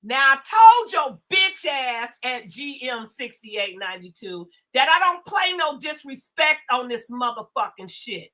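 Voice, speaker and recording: A woman's voice: high-pitched, very animated, measured pace, hardly any pauses, fairly bright tone. A woman hosting a live stream, scolding chat trolls in a profane, repetitive rant. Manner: profane, scolding, repeats words. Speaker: livestream host. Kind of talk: angry livestream rant.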